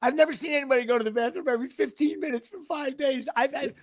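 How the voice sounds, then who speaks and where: A man hosting a talk show, telling a long, animated story in casual chat with lots of restarts and fillers. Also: very high-pitched, fast talker. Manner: animated, rambling anecdote with frequent restarts. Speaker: podcast host.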